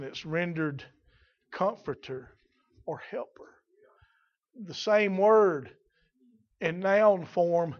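A male preacher delivering a sermon, moving from quiet explanation to loud, drawn-out exclamations. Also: a little high, highs cut off. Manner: swings from quiet teaching to shouted, drawn-out exclamations.

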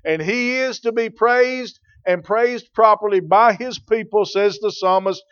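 A male pastor delivers a sermon in a fairly high voice. His delivery swings from calm, quiet teaching to loud, emphatic declarations. The recording sounds dull and lo-fi. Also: a little slow, few pauses.

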